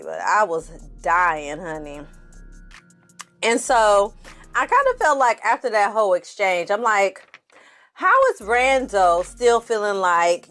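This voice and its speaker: A woman hosting a casual reality TV recap, laughing often, swearing freely and calling her viewers "y'all" and "honey.". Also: medium pitch. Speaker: TV recap host.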